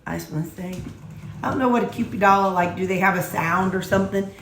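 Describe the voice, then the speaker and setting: Woman, weight-loss vlogger, casual chat to camera, rambling, self-deprecating, mid-pitched voice, faint noise behind. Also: quick pace.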